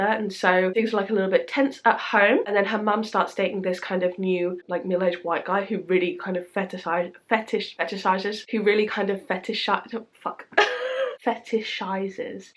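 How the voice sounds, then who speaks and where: A woman's voice: mid-range voice, a bit bright. Chatty woman book vlogger. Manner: chatty, lots of fillers, stumbles over words. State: croaky from illness. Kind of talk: casual chat.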